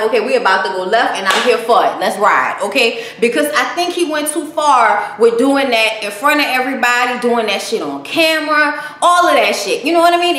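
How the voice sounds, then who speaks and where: Bright, animated woman vlogger in an echoey room. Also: high voice. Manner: animated, blunt, swears freely, talks to viewers as y'all. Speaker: reality show recap vlogger. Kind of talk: casual profane recap chat.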